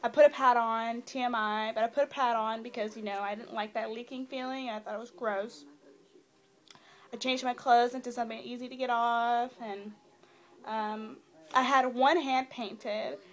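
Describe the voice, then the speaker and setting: Young woman, slightly high voice, casual chatter, lots of fillers, camera mic. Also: steady tone, moderate pace. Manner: chatty, many fillers, rambling. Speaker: new mother vlogger.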